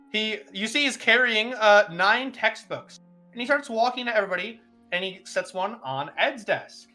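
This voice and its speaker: A streamer narrating a live tabletop role-play as game master with animated storytelling. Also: mid-range voice, moderate pace, soft background music.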